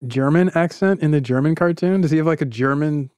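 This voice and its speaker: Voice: mid-range voice, brisk, a little mellow, smooth, no echo. A podcast co-host bantering and joking through a crime story in casual chat. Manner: playful, jokey asides.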